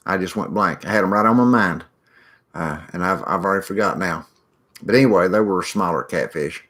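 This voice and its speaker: A man's voice: sits low, normal speed, long pauses, a bit bright. A middle-aged man hosting a casual livestream, rambling in a folksy way and greeting viewers by name as he reads the chat.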